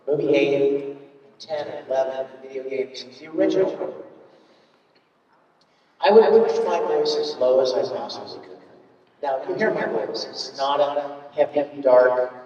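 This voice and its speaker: A man talking on a convention panel, chatty and animated as he tells stories. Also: a little high. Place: large convention hall. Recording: echoey hall from far off, muffled.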